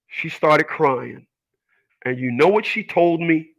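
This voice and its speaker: Bright-voiced man preaching to viewers. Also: a little high, lively intonation, measured pace, vocal fry, rough recording. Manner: earnest, emphatic, preachy. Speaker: channel host. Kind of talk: personal monologue to viewers.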